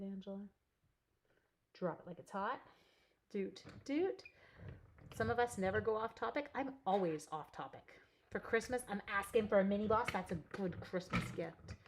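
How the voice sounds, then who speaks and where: A woman's voice: medium pitch, background noise. Chatty Canadian woman hosting a crafting stream. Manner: chatty, talks to herself while working, giggly. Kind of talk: live crafting class chat.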